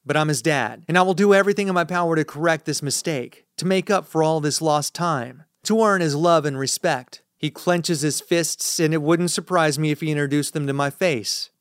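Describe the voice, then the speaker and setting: A man's voice: fairly high pitch, moderate pace, few pauses, smooth, no echo, clean studio sound. Man narrating a tense audiobook. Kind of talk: scripted first-person audiobook narration.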